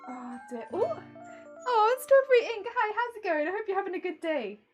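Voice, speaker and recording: A woman's voice: extremely high pitch, sing-song, fairly quick, soft background music. A British woman chatting casually with her live-stream viewers while she crafts, often breaking into laughter. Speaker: cosplay streamer.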